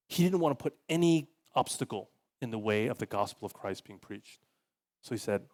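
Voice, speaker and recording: A man's voice: mid-range voice, moderate pace. A male pastor giving a sermon in a casual, conversational way, full of "like" fillers, who acts out the people he quotes. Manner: animated, voices quoted people.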